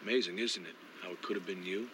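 A cold mercenary speaks in a low, dry, mocking voice, as an actor plays him. Heavy outdoor ambience from the film soundtrack presses in around him. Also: male voice, fast talker, background noise, natural voice. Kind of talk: film dialogue.

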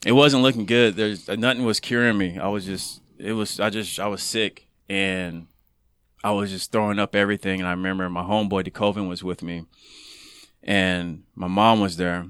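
A man on a podcast telling a personal story in an earnest, casual way, growing animated when he acts out what people said. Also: low-pitched, moderate pace, clean tone, no room sound, clean studio sound. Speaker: podcast guest.

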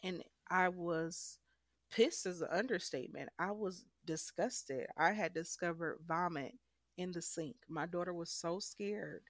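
Candid woman with a low voice. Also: no echo, studio quality. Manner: candid, emphatic, frank. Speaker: guest telling her story. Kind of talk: emotional personal storytelling.

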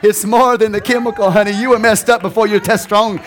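A man preaching a sermon to his congregation, swinging from hushed confessions to shouted lines and laughing often. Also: sits high, steady tone, fast talker, slight background noise. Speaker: pastor. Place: church.

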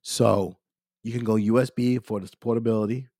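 A man hosting a podcast, talking casually about equipment while congested and clearing his throat, often calling his listeners "ladies and gentlemen". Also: fairly low pitch, steady tone, normal speed, dry recording, clean studio sound. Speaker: podcast host. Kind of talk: casual gear talk.

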